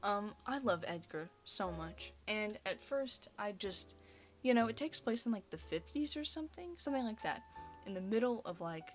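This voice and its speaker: A woman's voice: mid-range voice, expressive, moderate pace. A young woman rambling casually and gushing, with lots of "like" fillers. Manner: gushing, chatty, heavy use of "like" fillers. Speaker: video creator. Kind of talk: casual rambling ranking video. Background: faint background music.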